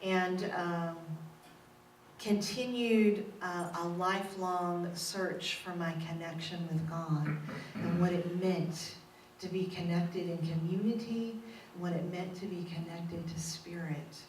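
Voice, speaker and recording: A middle-aged woman minister delivers a candid personal testimony sermon in a church sanctuary, mocking herself and laughing often. She speaks slowly, with a fairly low voice and fairly even intonation. The recording is distant and roomy with echo, plus faint noise.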